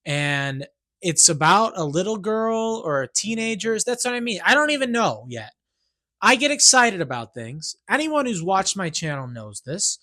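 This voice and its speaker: A YouTuber and songwriter rants to camera in a rambling monologue, his high-pitched voice very animated and sharp at a measured pace. He keeps breaking off and restarting himself, tagging his points with "right?"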